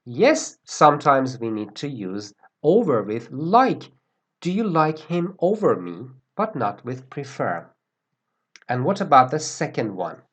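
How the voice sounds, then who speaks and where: A man teaching an English grammar lesson, speaking deliberately and repeating key words for pronunciation. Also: medium pitch, very animated.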